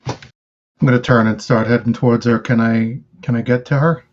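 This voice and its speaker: A man's voice: medium pitch, fairly even intonation, brisk, dull audio. A man playing in a tabletop game, politely asking about rules and declaring his actions. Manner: polite, asks rules questions. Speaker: player. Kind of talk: casual tabletop game play.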